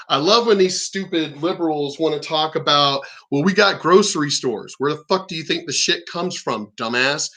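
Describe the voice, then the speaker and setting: A man's voice: a little high, sharp tone. A man telling stories and ranting in a blunt, profane, combative monologue. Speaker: vlogger.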